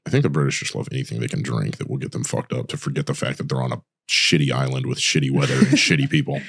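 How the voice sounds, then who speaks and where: Man, very low voice, quick talker, casual podcast host, blunt and joking. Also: fairly even intonation, gravelly, fairly bright tone, slightly rough. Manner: joking, blunt, profane storyteller. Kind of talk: casual chat.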